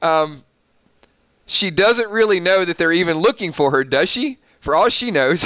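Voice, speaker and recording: Male recap host, bright clear voice, dry close sound, laughs through his sarcastic reading. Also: fairly high pitch, expressive, moderate pace, no echo. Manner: laughing often, sarcastic asides. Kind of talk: casual TV recap reading from an article.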